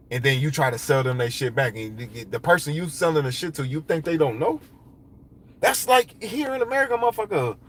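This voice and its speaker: A man talking to camera in a rambling, profane, animated monologue. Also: medium pitch. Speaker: vlogger. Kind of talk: casual monologue.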